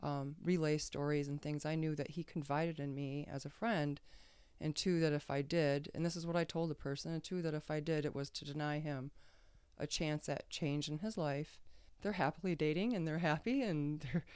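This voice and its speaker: A woman's voice: low voice, fairly even intonation, moderate pace, darkish tone, clean tone, no room sound. A woman guest on a podcast telling a personal story casually, rambling and hesitant with many fillers and restarts.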